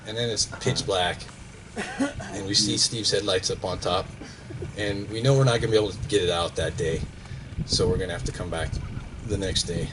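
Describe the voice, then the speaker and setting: A man's voice: lowish voice, noisy background. A man, a former coach, tells a personal hunting story at a memorial service and acts out the sound effects. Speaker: eulogy speaker, former coach.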